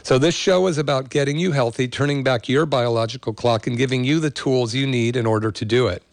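A man's voice: medium pitch, a little fast, no echo. A middle-aged man hosting a health show, telling a story in a rambling, casual way with many fillers.

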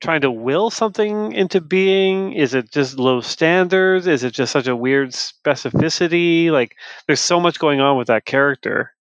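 A man's voice: a little high, normal speed, few pauses, no echo. A man in casual conversation about a book, thoughtful and repeating words as he searches for phrasing. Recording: slightly dull, dry sound.

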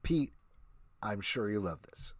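A man's voice: lowish voice, slow pace, no echo, studio quality. A man hosting a casual comic review show, reading out credits and leading the talk. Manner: lively, reads credits, laughs between lines. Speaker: host.

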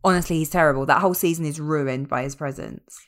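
A woman with a lowish voice, talking bluntly and giving strong opinions in a relaxed chat. She swears freely and speaks her mind. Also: fast. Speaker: podcast co-host. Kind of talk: casual chat.

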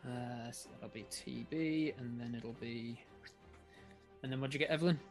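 A man narrating a tabletop game as game master, animated, laughing often. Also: mid-range voice, normal speed, soft background music.

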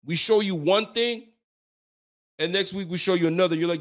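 A man's voice: sits high, moderate pace, long pauses. A young man hosting a sports show, venting in a heated postgame rant, slangy and repetitive. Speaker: sports podcast host.

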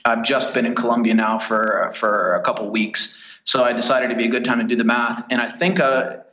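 Man from the US, guest on a podcast, relaxed storyteller, dull roomy line. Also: mid-range voice, fairly quick. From United States. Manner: easygoing storyteller, chatty and detailed. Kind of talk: casual interview chat.

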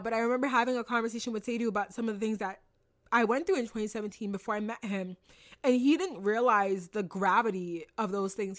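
A young woman giving an earnest, animated motivational talk, casual and repeating phrases for emphasis, swearing now and then. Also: a little high. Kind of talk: motivational monologue.

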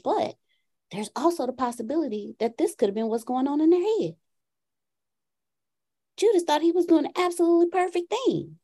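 A woman hosting a podcast, telling a casual story in an animated way and acting out a dialogue with her son. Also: sits high, a little fast. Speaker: podcast host.

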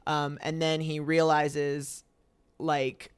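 A young man recounts a story in a loose, chatty way, slipping into the voices he quotes. His voice is smooth and clear and sits a little high. It is recorded close and dry, with no room sound. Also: drawn-out words, dry recording. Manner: animated retelling that acts out quoted lines, lots of fillers. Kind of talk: casual storytelling chat.

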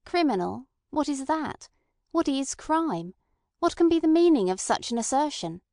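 A woman's voice: medium pitch, moderate pace, a little mellow, no echo, studio quality, lightly acted. A woman voicing a small, detached man who talks with lofty scorn and no feeling. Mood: scornful. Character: cold scornful small male bomb-maker.

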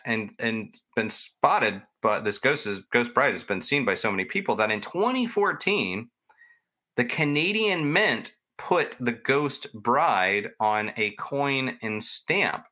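Guy casually rambling thru a ghost story, bright voice, jokes at himself. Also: mid-range voice, big pitch swings, slow. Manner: chatty, rambling, self-mocking. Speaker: podcast host telling ghost stories.

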